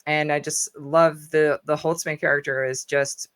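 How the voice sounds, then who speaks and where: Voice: medium pitch, level tone, a little slow, a bit bright, clear, resonant tone, no room sound, studio quality. A podcast guest talking in a casual, goofy, chatty way with lots of "um"s. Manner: goofy, chatty, many fillers. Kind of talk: casual chat.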